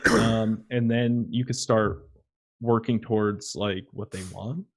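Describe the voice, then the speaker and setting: A man's voice: lowish voice, fairly even intonation, slow. A young man, a luthier guest on a podcast, telling a story casually, acting out both sides of the talk and laughing often.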